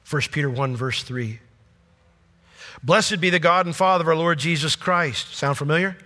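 Impassioned preacher in a reverberant hall. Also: male voice, on the high side, normal speed. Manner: impassioned, swings from loud to hushed. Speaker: pastor. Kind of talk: sermon.

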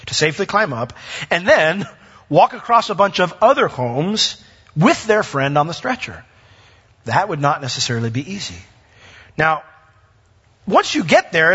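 A preacher gives a conversational sermon, retelling scripture as a story and acting out its characters with a raised voice. His voice is fairly high, fairly bright, and slightly rough. The recording sounds dull with a long hall reverb.

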